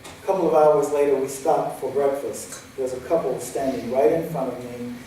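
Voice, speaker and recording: A man's voice: mid-range voice, normal speed. Man telling a story in an echoey hall. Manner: vivid personal storytelling, shifting between lively and hushed. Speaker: guest speaker. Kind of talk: storytelling sermon. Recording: echoey hall, distant mic, faint hiss.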